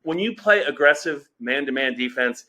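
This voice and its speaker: A man's voice: medium pitch, animated, moderate pace, pushed and bright. A man co-hosting a sports podcast in casual chat, emphatic and opinionated.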